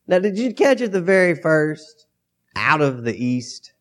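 A pastor with a cold preaching a sermon into a microphone, reading scripture aloud and then talking it through in a conversational way. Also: male voice, on the high side, big pitch swings, a little slow, a bit bright. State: has a cold, coughing.

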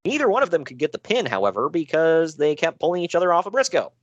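A man co-hosting a casual podcast chat, recapping wrestling shows in an animated, joking way with frequent laughs. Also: quick pace, no echo, lo-fi sound. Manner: animated, laughing, swearing, jumps in pitch.

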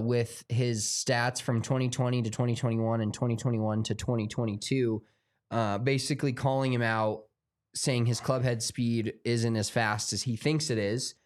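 American guy, mid pitch, easygoing podcast co-host who rambles with plenty of ums. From United States. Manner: relaxed, rambling, frequent fillers. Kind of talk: casual chat.

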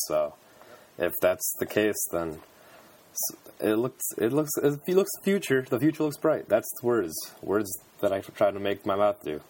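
A man's voice: lowish voice, darkish tone. A man co-hosting a podcast, talking sports casually and hesitantly, with many fillers and restarts. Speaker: podcast co-host.

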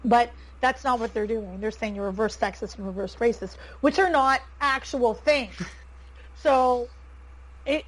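A woman from Canada with a Canadian accent, talking as a podcast guest in animated casual chat, laughing often and saying "like" a lot. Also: a little high, rough recording.

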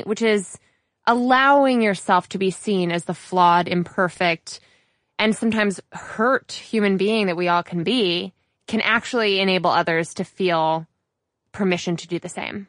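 A woman hosting a podcast interview, talking with animated energy and laughing often. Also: mid-range voice, normal speed, no echo, studio quality. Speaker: podcast host.

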